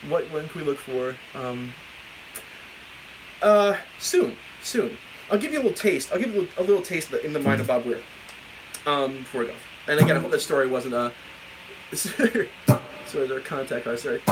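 A man's voice: on the high side, a little hiss or hum, rough recording. A man, a guitar teacher chatting casually on a live stream, rambling and laughing through a story. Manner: rambling, self-interrupting, laughs often while telling stories.

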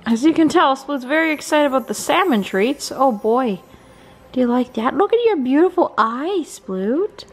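A woman's voice: high voice, animated, moderate pace, a little hiss or hum. A woman vlogging in a bubbly, casual way who often coos at her puppy. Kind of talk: casual vlog chat.

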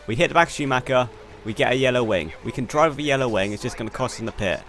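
A young man commentating on his own racing game run, excitable and quick to swear in frustration. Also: mid-range voice, faint music behind. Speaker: gaming YouTuber. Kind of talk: gameplay commentary. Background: faint game car engine noise.

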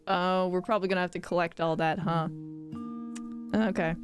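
Gushing, excitable woman streamer. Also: on the low side, normal speed, long pauses, soft background music. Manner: gushing and excitable, gasping at cute things. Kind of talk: live-stream game commentary.

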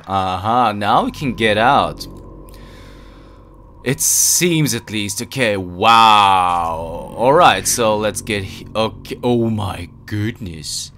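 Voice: medium pitch, takes it slowly, fairly bright tone. A let's play gamer giving casual gameplay commentary, easily spooked and full of nervous exclamations.

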